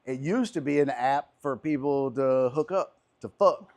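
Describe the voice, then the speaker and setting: A man's voice: mid-range voice, measured pace, darkish tone. A young man hosting a podcast in a casual patio chat, laughing often and talking in a crude, conversational way. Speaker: podcast host. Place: outdoor patio.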